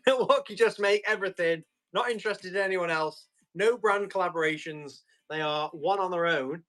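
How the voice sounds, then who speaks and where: A man with a high-pitched, somewhat bright voice hosts a live tool sale. Chatting casually with his audience, he answers comments and describes every item while testing it.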